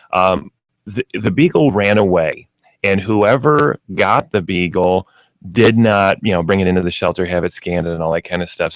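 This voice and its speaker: Low-voiced co-host, laid-back. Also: male voice, no room sound, rough recording. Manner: laid-back, tells store anecdotes. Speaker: pet store co-host. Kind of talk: casual radio chat.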